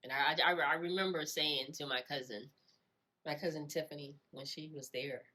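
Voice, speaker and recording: A woman telling her own life story in a reflective way, often repeating phrases and filling pauses with "you know". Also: low voice, fairly even intonation, bright, forceful tone. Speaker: storyteller sharing her experience. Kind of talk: personal storytelling.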